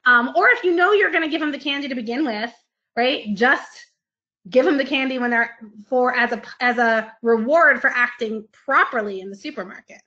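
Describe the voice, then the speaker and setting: Lively, bright-voiced woman lecturing a class. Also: high voice, normal speed, lo-fi sound. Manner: lively, playful, acts out screaming child voices. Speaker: psychology lecturer. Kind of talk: live online class lecture.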